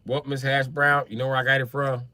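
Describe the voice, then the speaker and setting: A man hosting a livestream in casual, rambling chat, swearing constantly and breaking into loud outbursts. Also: medium pitch, flat delivery, a little fast, no echo. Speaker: livestream host.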